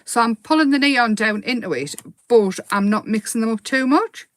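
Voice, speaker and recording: Bubbly, higher-voiced woman hosting a live craft demo, dry close sound. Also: moderate pace, dry recording. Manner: chatty, giggly, talks while painting.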